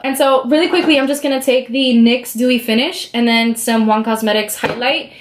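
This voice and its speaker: A young woman telling a story in a casual, chatty way while doing her makeup, full of "like" and animated quoting of other people. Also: on the high side, a little fast. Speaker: beauty vlogger.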